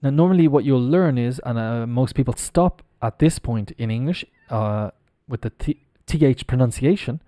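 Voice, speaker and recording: A man from Ireland teaching English on a live stream, who spells words out slowly letter by letter and explains how they are pronounced. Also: medium pitch, warm tone, dry recording, studio quality. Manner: explains pronunciation while working on screen.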